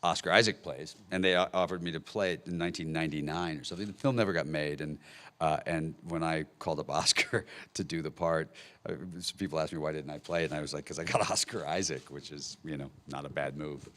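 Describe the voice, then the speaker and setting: A man directing a film, answering press questions in a relaxed, wry, understated way at a table microphone. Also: rumbling low, fast talker. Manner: wry, dry understatement with small laughs. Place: press conference hall.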